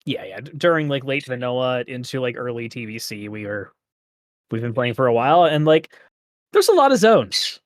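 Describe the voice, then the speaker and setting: A man's voice: medium pitch, very animated, moderate pace, no room sound, studio quality. Casual man chatting about games. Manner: rambling, laughs often. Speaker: podcast co-host. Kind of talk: casual gaming chat.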